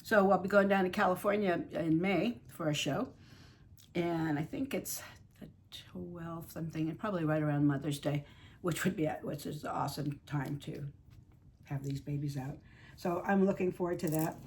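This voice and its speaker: Chatty woman with a lowish voice. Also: brisk. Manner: chatty, rambling, warm toward her dolls. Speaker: reborn doll artist and channel host. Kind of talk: casual vlog chat while painting dolls.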